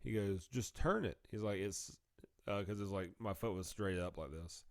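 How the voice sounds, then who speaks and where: A man tells a story in casual podcast chat. His voice sits a little low and sounds dry and close. He laughs through the story and slips into the voices of the people he quotes. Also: fairly even intonation, normal speed, a little mellow, no room sound. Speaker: podcast co-host.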